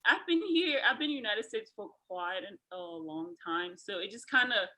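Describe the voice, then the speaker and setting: Nigerian woman, bright animated storyteller. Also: mid-range voice, normal speed. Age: young adult. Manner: animated storytelling, laughs often. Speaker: college basketball player. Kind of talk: casual video-call interview. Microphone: video call.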